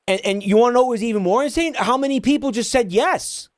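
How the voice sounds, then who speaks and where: A man's voice: extremely high pitch, fast, dry recording, studio quality. A man streaming and ranting at his chat, exasperated and swearing often. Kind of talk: casual stream rant.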